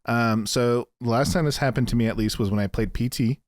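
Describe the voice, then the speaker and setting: A man's voice: medium pitch, fairly quick, no room sound, clean studio sound. Rambling, profane man on a podcast. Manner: rambling, profane, many restarts and fillers. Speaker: podcast co-host. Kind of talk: casual chat.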